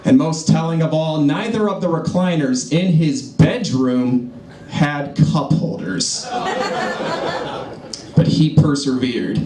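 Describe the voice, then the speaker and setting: A young comedian in his twenties with a slightly high voice, working through dry one-liners on stage. He sounds a little distant from the mic, and the lounge echoes. Steady crowd noise sits under him. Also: slow. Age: 20s. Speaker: stand-up comedian. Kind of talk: stand-up comedy set. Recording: echoey lounge, noisy live audience.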